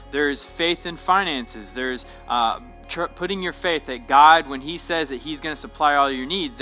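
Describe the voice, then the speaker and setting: A man's voice: fairly high pitch, bright, forceful tone, poor audio. A young man, a pastor, giving a short devotional talk in a casual, conversational way that often checks in with "right?".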